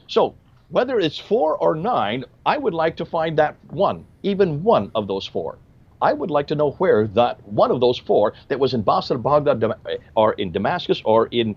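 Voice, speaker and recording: A man's voice: mid-range voice, breathy edge, lo-fi sound. A man giving emphatic, lecture-style commentary and asking rhetorical questions.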